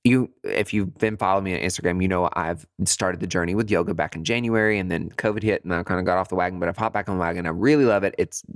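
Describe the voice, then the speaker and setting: A man talking casually to his listeners, acting out his own thoughts in quick jumps to high, dramatic voices. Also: no echo, clean studio sound. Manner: swears freely, says "girl" and "honey". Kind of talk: casual monologue.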